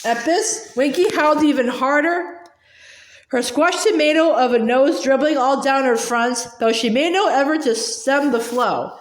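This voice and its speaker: High-voiced woman reading a story aloud. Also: measured pace, echoey room. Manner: steady storytelling, small slips and restarts. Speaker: audiobook reader. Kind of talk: audiobook narration.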